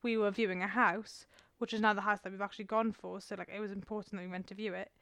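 A woman's voice: medium pitch, level tone, quick pace, vocal fry, a bit bright, no echo. A woman co-hosting a casual home podcast from her sofa, playful and teasing but tired. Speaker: podcast co-host. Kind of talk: casual chat. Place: home living room, on a sofa. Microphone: close mic.

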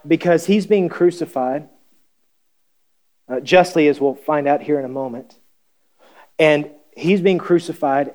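Man, pastor, conversational sermon, slightly high voice, wry humor, questions to the congregation. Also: darkish tone.

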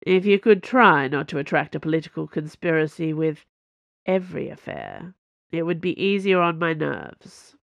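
A woman voicing a dry, reserved male swordsman, talking flat and firm. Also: low voice, moderate pace, vocal fry, dry recording, full character voice. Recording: dull lo-fi dry recording.

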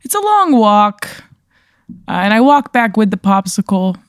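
A woman as a podcast guest, playing along with deadpan, playful asides in casual comedy chat. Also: medium pitch, unhurried, no echo, clean studio sound.

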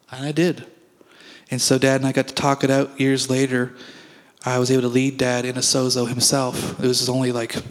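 A man's voice: mid-range voice, long reverb tail, rough recording. A male pastor preaching a sermon in a conversational, storytelling way, acting out his own dialogue as he goes.

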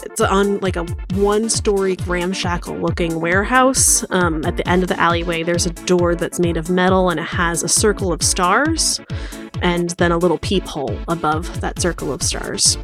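Rambling woman game master, lowish voice. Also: steady tone, normal speed, music in the background. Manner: rambling, filler-heavy narration. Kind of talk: narrating a tabletop game.

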